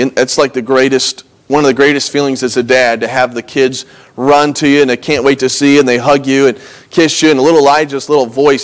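Earnest young male preacher, slightly high voice. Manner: earnest, conversational preaching with frequent restarts and lively emphasis. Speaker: pastor. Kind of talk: sermon.

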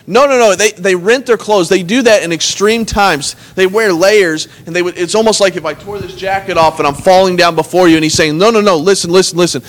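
A man's voice: high-pitched, steady tone, a little fast, few pauses. A man preaching a sermon as pastor, earnestly reading scripture and retelling it in everyday words. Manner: earnest preaching, reads scripture aloud and retells it in plain talk.

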